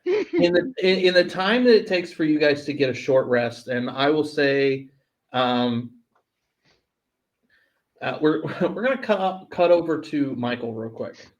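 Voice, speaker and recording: Slow, halting higher-voiced man. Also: animated, poor audio. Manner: hesitant, lots of ums and restarts, laughs often. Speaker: game master. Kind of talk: narrating a tabletop game.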